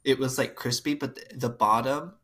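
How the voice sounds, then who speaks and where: Very low husky-voiced woman telling stories. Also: fairly even intonation, moderate pace, fairly bright tone. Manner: storytelling, quoting family in put-on voices. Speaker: podcast co-host. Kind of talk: casual chat.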